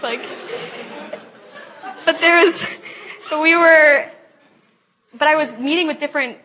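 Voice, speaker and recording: A young woman giving a personal Christian testimony, chatty and animated, laughing often and saying "like" a lot. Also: high voice, moderate pace, long pauses, a little hiss or hum. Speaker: speaker at a Christian gathering.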